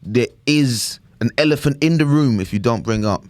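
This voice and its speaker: A man's voice: medium pitch, moderate pace, dry recording. A man co-hosting a podcast, talking in a loose, rambling way and often checking "do you know what I mean". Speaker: podcast co-host. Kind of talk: casual chat.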